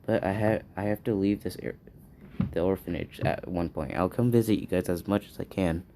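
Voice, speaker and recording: A man voicing a kind, weary teenage orphan boy with wolf powers, speaking in a subdued, flat way. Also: sits low, a little fast, slight background noise.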